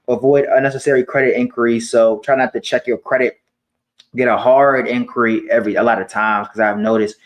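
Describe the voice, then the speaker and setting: A man in his twenties talking casually to camera about money, relaxed and slangy, often repeating his points. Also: mid-range voice, low-quality recording. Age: 20s. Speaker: personal finance vlogger.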